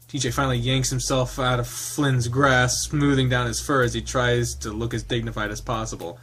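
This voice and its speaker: A man reading a story game aloud and breaking off into chatty asides, laughing often and stumbling through fillers. His voice sits at an average male pitch, and his delivery is loose and casual. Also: fairly even intonation, moderate pace, fairly bright tone, soft background music. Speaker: game streamer. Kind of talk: reading a visual novel aloud with casual commentary.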